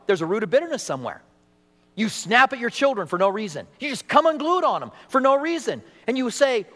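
In a church sanctuary full of long hall reverb, a middle-aged pastor gives a fast-paced sermon. His voice runs rather high for a man, and he animatedly acts out the people he quotes.

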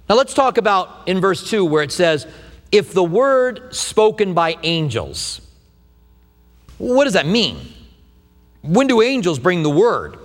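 A middle-aged man preaching a sermon, telling stories with humor in an animated way. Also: high-pitched. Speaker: pastor. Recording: long hall reverb.

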